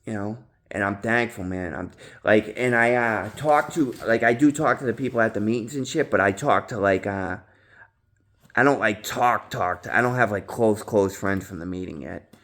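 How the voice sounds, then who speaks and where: A man talking casually to his viewers about recovery, rambling with slang, swearing and many fillers, jumping loud and high when he acts out his own past yelling. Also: moderate pace. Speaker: vlogger in recovery. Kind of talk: casual monologue to camera.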